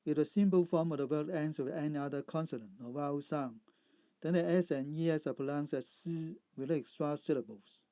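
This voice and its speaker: A man teaching English pronunciation, reading out sounds and example words one at a time in a measured instructional narration. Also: fairly high pitch, dark tone, no echo. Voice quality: measured, deliberate word-by-word delivery. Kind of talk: slow instructional narration over slides.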